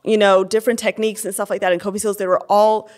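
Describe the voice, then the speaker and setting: Young woman, earnest and candid, mid-pitch conversational testimony. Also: level tone, fast talker. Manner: earnest, candid, many fillers and restarts. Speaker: interview guest.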